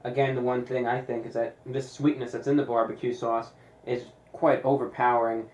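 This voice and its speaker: A man reviewing pizza in a deliberate, casual way, with dry sarcastic asides. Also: mid-range voice, level tone, darkish tone, roomy sound, poor audio. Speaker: food reviewer.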